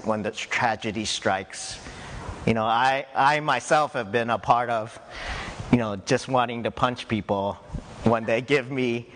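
A man's voice: mid-range voice, fairly bright tone, in a large hall, slight background noise. A man preaching a sermon as a pastor, earnest and conversational, often checking in with "right?".

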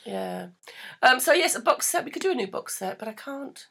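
A middle-aged woman co-hosts a casual podcast in a bright, gravelly voice with a husky edge. Her humor is dry and self-deprecating, and she laughs a lot. Her pitch moves a great deal. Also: big pitch swings, brisk. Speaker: podcast co-host.

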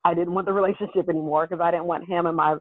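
A woman guest on a podcast, candidly telling a personal story in an earnest, animated way that often breaks into laughter. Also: on the low side, rapid-fire, no echo. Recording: thin phone-like call audio.

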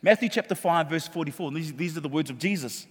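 A man preaching a sermon in a church hall, animated and jokey, often repeating his words. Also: fairly high pitch, quick pace, breathy edge. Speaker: pastor. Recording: long hall reverb.

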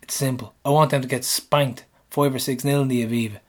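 A man's voice: medium pitch, steady tone, fairly quick. An Irish man co-hosting a football podcast in casual chat, blunt and fiery, swearing freely. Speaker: podcast co-host.

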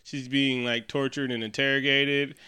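Man, bright and forceful voice, smooth tone, profane casual movie recap. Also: medium pitch, normal speed. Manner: profane, animated, acts out characters in quotes. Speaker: co-host.

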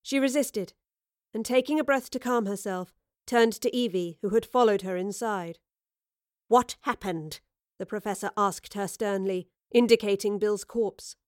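A woman narrating an audiobook drama in a measured storytelling manner. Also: mid-range voice, darkish tone, dry recording, clean studio sound.

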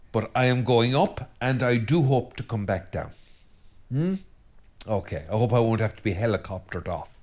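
A middle-aged Irish priest from Mayo talks at a middle pitch in a loose, conversational way. He keeps tossing in self-mocking asides and tag questions like a host chatting to regular listeners. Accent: Irish, County Mayo. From Ireland. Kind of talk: casual spoken commentary.

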